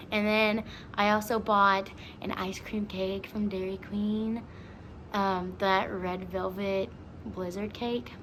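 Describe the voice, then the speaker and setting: A woman's voice: medium pitch, fairly bright tone. Giggly twenty-something woman vlogging casually, lots of likes and ums, faint hiss behind. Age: 20s. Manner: chatty and giggly, many fillers like "like" and "um". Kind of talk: casual vlog chat.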